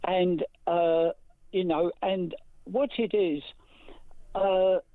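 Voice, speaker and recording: A phone-in caller, a man, speaking haltingly with many hesitations. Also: sits high, steady tone, no room sound. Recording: tinny phone line.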